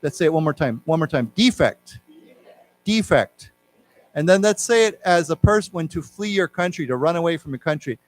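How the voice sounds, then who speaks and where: In a library lecture room, a man teaches a live English lesson for learners, explaining what words mean and leading the class in repeating them aloud. His voice is on the high side, and he talks fast with hardly any pauses.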